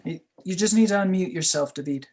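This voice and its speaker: A man moderating an online session who speaks in a brisk, practical way from a distance from his microphone. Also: sits high, darkish tone. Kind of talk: running a video call.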